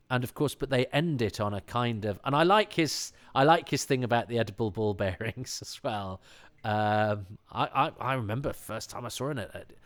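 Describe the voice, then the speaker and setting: This English podcaster's voice is fairly low and a touch bright as he delivers casual commentary alone. He wanders through it with frequent restarts and excited tangents.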